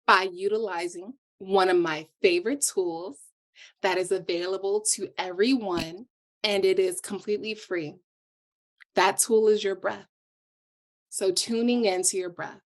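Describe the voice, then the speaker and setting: Give me a woman yoga instructor speaking gently and deliberately, with a middling pitch. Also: steady tone. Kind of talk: calm explanatory interview talk.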